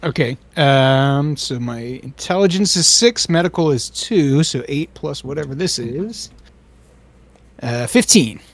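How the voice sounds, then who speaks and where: A man takes part in a tabletop game as a player and talks with many restarts and hesitations. His voice is fairly high. The sound is dry and close. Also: animated, a little slow, no room sound. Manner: hesitant, stammering. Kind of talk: casual tabletop game talk.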